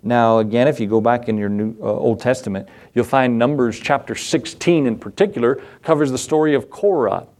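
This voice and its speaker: A man's voice: medium pitch, fairly quick, few pauses, a little mellow. A middle-aged man preaching a sermon in a folksy way, asking the congregation questions and acting out the voices he quotes. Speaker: pastor.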